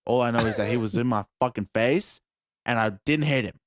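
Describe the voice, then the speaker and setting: A young Australian man, a podcast host, telling a story in casual chat, animated and profane, acting out moments with yelps. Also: medium pitch, a little fast, a little hiss or hum. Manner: animated, profane, acts out scenes with yelps and shouts.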